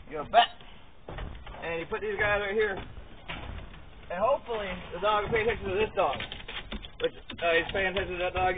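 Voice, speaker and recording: A man giving rambling, casual commentary as he handles dogs in a pen outdoors, repeating words and grunting with effort. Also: high voice. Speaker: vlogger showing dog handling. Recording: tinny phone-like audio, faint noise.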